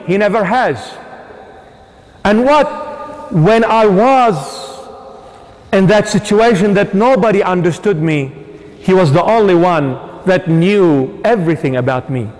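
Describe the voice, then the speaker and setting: A bishop delivering an impassioned sermon in a church, emphatic and swinging between loud and hushed. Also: male voice, high voice, lively intonation, takes it slowly. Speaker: bishop preaching. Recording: long hall reverb.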